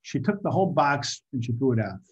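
A man giving an informal Torah talk to a group, halting and repeating his words, sometimes asking the audience questions. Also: medium pitch, big pitch swings. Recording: muffled lo-fi recording.

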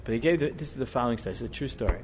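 Conversational middle-aged rabbi telling stories. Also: male voice, mid-range voice, rapid-fire, slight background noise. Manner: conversational, digressive, animated when telling the story. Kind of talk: storytelling sermon.

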